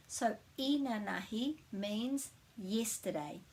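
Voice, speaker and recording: A woman with a New Zealand accent teaches words in a relaxed, friendly way. She slows right down to model each sound clearly so learners can copy her. Her voice sits at an ordinary middle pitch. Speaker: language teacher. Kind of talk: casual language lesson.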